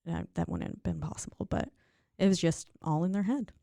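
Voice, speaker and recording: A woman's voice: on the low side, a little fast, vocal fry, mellow, no room sound, studio quality. A woman co-hosting a podcast, chatting casually about a horror film, swearing freely and acting out lines. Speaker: podcast co-host.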